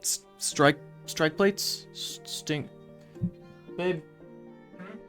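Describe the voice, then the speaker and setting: A man's voice: high-pitched, drawn-out words, a bit bright, soft background music. A man streaming a game, chatting to viewers in a rambling, self-mocking way. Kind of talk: casual live-stream chatter.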